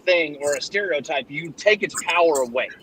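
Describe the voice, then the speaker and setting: A man's voice: a little high, lively intonation, a little fast, fairly bright tone, slight background noise, low-quality recording. A man hosting a casual podcast chat who tells jokes in a loose, profane storytelling manner. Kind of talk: casual chat and joke telling.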